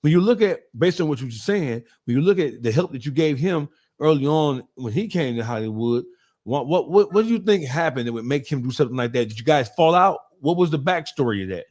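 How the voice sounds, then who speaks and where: A man's voice: a little high, expressive, a little fast, darkish tone. A man interviewing a guest, asking probing, conversational questions. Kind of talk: casual interview.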